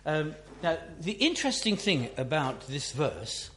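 A man teaches from the Bible in an unhurried, musing way, often restarting his sentences. His voice sits a little high. The room is echoey, with a faint hum behind him. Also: big pitch swings, fairly bright tone. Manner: slow, musing delivery with many restarts. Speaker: preacher.

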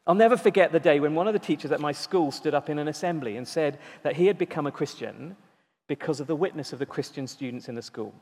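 A man delivers a sermon with a notably high voice. He leans on key words, slowing down and repeating them for emphasis. His voice carries a long reverb, as if spoken in a large church hall. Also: a little mellow. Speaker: preacher.

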